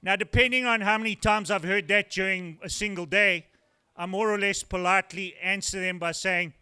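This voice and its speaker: A man's voice: high-pitched, steady tone, moderate pace, sharp tone, clear, resonant tone. Older South African man doing stand-up. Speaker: stand-up comedian. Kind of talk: stand-up routine. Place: brewery taproom with live audience.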